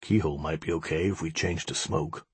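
A man voicing a cautious male jinn who talks in a hushed, doubtful way. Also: a bass voice, steady tone, a little fast, husky, dry recording, voice pushed down, heavily acted.

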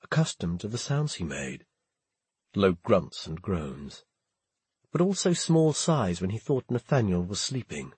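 A man's voice: fairly low pitch, a little slow, slightly rough, no room sound. A man reading an audiobook, narrating expressively. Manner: expressive storytelling. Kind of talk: scripted narration.

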